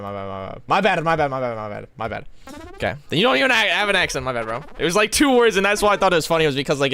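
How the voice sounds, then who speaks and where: A man's voice: a little high, fairly bright tone. A young man live-streaming in casual chat, slangy and rambling as he thanks donors and reacts to guests.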